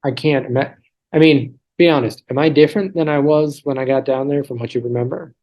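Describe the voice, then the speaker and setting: A man's voice: medium pitch, steady tone, brisk, a little mellow, rough recording. Guest, male, 30s: loose, joking, talks in restarts and asides; video-call sound. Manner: chatty, self-deprecating, many restarts and asides. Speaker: interview guest. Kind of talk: casual storytelling over a video call.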